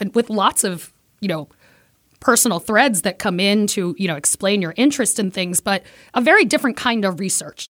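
A woman's voice: medium pitch, no room sound, clean studio sound. A woman podcast host talking in a conversational way with some fillers, in a casual interview.

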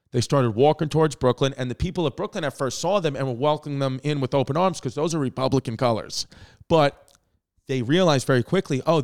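New york guy riffing thru history, swears a lot, goes off on tangents, mid-pitched voice. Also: no room sound, studio quality. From Staten Island, New York. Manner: profane, rambling, animated riffing with asides. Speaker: comedian host telling history. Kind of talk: comedic history storytelling.

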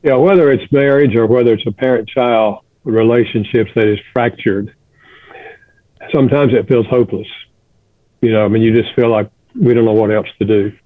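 An older man shares a heartfelt story in a gentle, earnest manner. His voice comes through a narrow, phone-like line, dry and close. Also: mid-range voice, steady tone, moderate pace, no room sound. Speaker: guest, author and counselor. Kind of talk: reflective storytelling.

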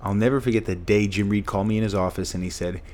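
A man's voice: on the low side, steady tone, quick pace, a little mellow. A middle-aged man earnestly telling a personal story as an interview guest.

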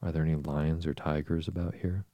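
A man reading the lines of a polite, curious young girl in a calm storybook voice. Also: extremely low pitch, brisk, dry recording, lo-fi sound. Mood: earnest.

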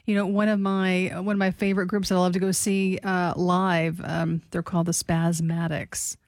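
A woman's voice: lowish voice, level tone, moderate pace, no echo, studio quality. A woman co-hosting a talk radio show, giving brief, easygoing replies. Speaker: radio co-host. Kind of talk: casual talk radio banter.

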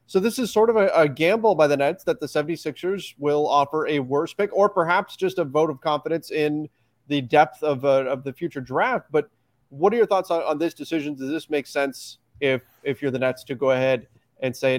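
A man hosting a basketball podcast, steering the topics in brisk casual chat. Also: on the high side, dry recording. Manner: steers the talk, brisk and chatty. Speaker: podcast host.

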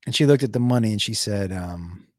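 A young adult man, a comedian, telling a comic story with lively bursts into shouted voices. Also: lowish voice, brisk, no room sound, clean studio sound. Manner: animated, jumps into shouted impressions.

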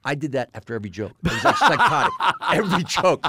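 An older man, a stand-up comedian and podcast guest, telling backstage stories in lively chat and slipping into lower, quieter voices for the people he quotes. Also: fast talker, husky, no echo, studio quality. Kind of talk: storytelling anecdotes in podcast chat.

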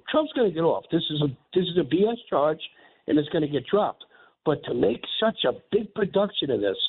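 A fired-up man calls in to a radio show, his fairly high voice squeezed through a tinny phone line. He rambles and circles back on himself as he talks. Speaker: radio caller. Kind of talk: call-in radio talk.

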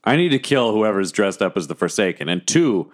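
Excitable man at a tabletop game. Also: lowish voice, brisk. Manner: excitable, laughing, swearing. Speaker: player. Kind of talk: casual tabletop role-play.

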